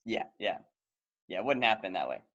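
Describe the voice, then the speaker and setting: A man's voice: lowish voice, big pitch swings, fairly quick, sharp tone, muffled recording. A man co-hosting a podcast, chatting casually with lots of fillers and laughs. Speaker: podcast co-host. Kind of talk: casual chat.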